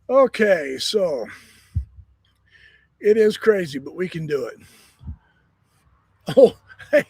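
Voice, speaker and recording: Jokey backyard streamer, a man with a husky, slightly high voice who rambles cheerfully. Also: fairly bright tone, no room sound. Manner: rambling, jokey, laughs at own jokes. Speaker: live stream host. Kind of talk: casual live-stream chat. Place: backyard, outdoors.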